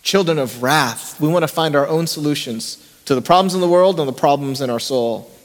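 A man's voice: fairly high pitch, brisk. A man preaching a conversational sermon as pastor, often asking the congregation rhetorical questions. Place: church sanctuary. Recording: long reverb in a church hall.

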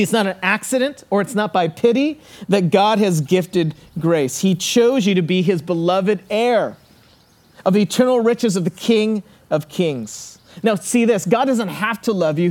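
A man preaching a sermon, earnest, slowing and dropping low on key words and acting out the people in his stories. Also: darkish tone. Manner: storytelling with acted-out quotes. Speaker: pastor.

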